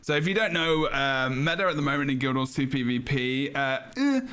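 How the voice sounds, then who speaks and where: A man's voice: mid-range voice, steady tone, brisk, a bit bright, smooth. Rambling man hosting a podcast. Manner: rambling, thinks aloud with fillers and restarts. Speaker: podcast host. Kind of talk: casual gaming podcast chat.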